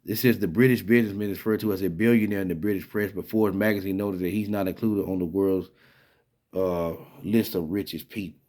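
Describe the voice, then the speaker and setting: Lower-pitched male vlogger, casual and rambling, skeptical head-shaking delivery. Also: darkish tone. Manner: rambling, conversational, many fillers and restarts. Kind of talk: casual spoken commentary.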